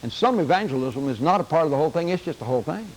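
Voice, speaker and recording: A man's voice: on the high side, lively intonation, rapid-fire, low-quality recording. An older man teaching a Bible class in an earnest lecture, often repeating key phrases for emphasis.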